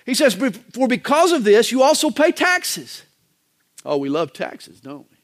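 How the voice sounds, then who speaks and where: A male pastor delivering a sermon in a folksy, joking manner, with wide swings in pitch. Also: wildly swooping pitch, unhurried.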